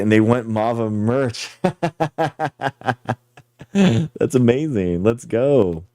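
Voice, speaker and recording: A man's voice: lowish voice, a little mellow, no echo, studio quality. A man hosting a livestream, chatting casually and rambling as he talks straight to his viewers. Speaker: livestream host.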